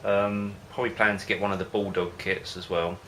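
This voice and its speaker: Speaking fairly quickly, this man vlogs about home brewing in a casual chat to camera. His voice is low and bright with a forward tone, keeping steady within a narrow band. He rambles and hesitates, losing his thread, and a slight hiss or hum can be heard.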